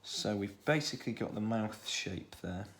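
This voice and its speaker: A man with a Stoke-on-Trent accent, talking through a children's drawing tutorial in a relaxed way, thinking aloud as he draws. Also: lowish voice, moderate pace, slight background noise. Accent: Stoke-on-Trent English. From England. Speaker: art tutor.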